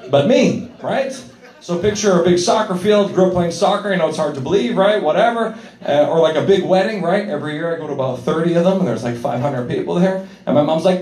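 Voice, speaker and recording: A man's voice: sits high, darkish tone, echoey room, far from the mic. A man doing stand-up comedy in a club, working the crowd and telling a rowdy, profane story. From Canada.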